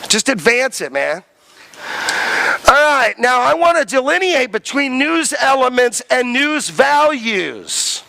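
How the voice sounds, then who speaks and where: A man's voice: very high voice, big pitch swings, takes it slowly, gravelly, bright, forceful tone. A man lecturing a college class, emphatic, quizzing students and repeating key terms.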